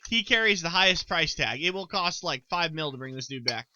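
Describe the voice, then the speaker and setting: A man's voice: a little high, expressive, brisk, pushed and bright, slight background noise. A man co-hosting a casual sports podcast, rambling with stammered restarts and frequent ums. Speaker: podcast co-host.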